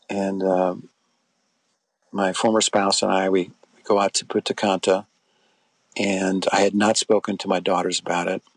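Gravelly low-voiced man telling a story. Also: no room sound. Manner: rambling anecdotal telling with many fillers and restarts. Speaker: interview guest, former soap actor. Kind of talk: casual interview storytelling.

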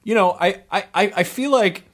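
A man's voice: sits high, normal speed, fairly bright tone. A man hosting a casual podcast chat, playful and riffing, often restarting his sentences. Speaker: podcast host.

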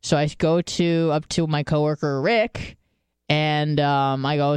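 Smooth-voiced woman podcast host. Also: low voice, steady tone, measured pace, darkish tone, no room sound. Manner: profane, rambling storyteller. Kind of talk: casual chat.

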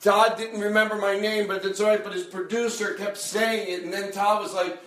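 A man hosting a comedy podcast, rambling through a chatty monologue with loud bursts of mock anger and frequent swearing. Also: sits high, flat delivery, moderate pace. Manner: chatty, with many fillers and restarts. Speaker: podcast host.

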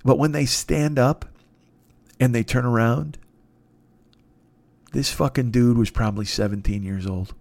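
A man in his fifties telling a rambling story in a casual, profane and excitable way. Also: medium pitch, unhurried, creaky, long pauses, no room sound. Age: 50s.

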